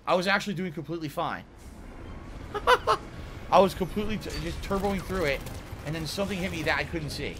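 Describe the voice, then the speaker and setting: A man giving casual gameplay commentary, excitable and prone to laughing and mock-outraged rants. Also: on the high side, fast, slight background noise.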